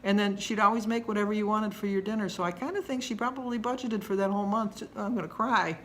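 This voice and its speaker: A woman's voice: mid-range voice, fairly even intonation, fast talker, hardly any pauses, fairly bright tone, slight background noise. A woman in her sixties chatting casually to camera at home, rambling and homey in her delivery. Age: 60s. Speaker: vlogger.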